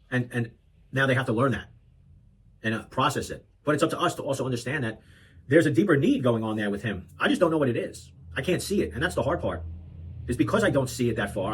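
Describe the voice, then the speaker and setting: A man in his thirties talks earnestly about being a father, with a husky, slightly breathy voice at an ordinary middle pitch. He often restarts his sentences and slips in rhetorical asides as he reflects. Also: low-quality recording. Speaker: parenting vlogger. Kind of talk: reflective talk to camera.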